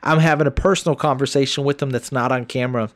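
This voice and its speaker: A man's voice: medium pitch, fast. A young man, co-hosting a casual podcast and telling a story with lots of swearing and acted-out quotes. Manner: animated storyteller, acts out quotes, heavy swearing. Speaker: podcast co-host.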